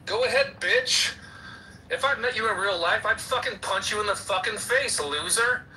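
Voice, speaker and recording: A man's voice: high-pitched, moderate pace, pushed and bright, distant mic, slight background noise, rough recording. A man in a heated voice-chat argument, taunting and swearing aggressively at another user. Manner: aggressive, profane, taunting insults. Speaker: voice chat room participant. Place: online voice chat app.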